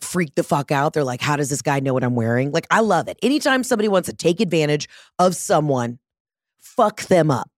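A woman hosts a podcast and tells a story casually, with lots of swearing and animated jumps in tone. Her voice sits low for a woman, and the recording is dry and close, with no room sound. She mocks herself as she goes. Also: dry recording. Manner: animated, profane, self-mocking. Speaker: podcast host.

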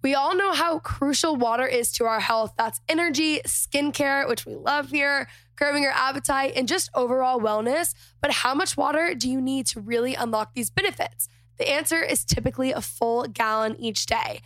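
Woman podcast host, chatty and gushing, slightly hoarse, high-ish voice, dry close mic. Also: a bit bright, no room sound. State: slightly lost voice, tired. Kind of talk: casual podcast intro and ad read.

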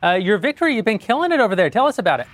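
Racing along in a high-pitched, sing-song voice, the male host of a political roundtable jokes around and pokes fun at himself, laughing frequently through a sponsor read.

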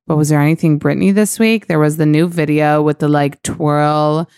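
Low, gravelly woman podcast host. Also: steady tone, normal speed, darkish tone. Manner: chatty, many "like"s and fillers. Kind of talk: casual celebrity gossip chat.

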